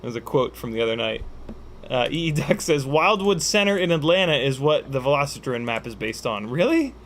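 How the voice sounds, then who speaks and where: Reading viewer questions on his livestream, a male host jokes, swears and rambles, filling his speech with fillers. He sounds expressive and fairly bright in a mid-range voice, speaking fairly quickly, with a little hiss or hum audible.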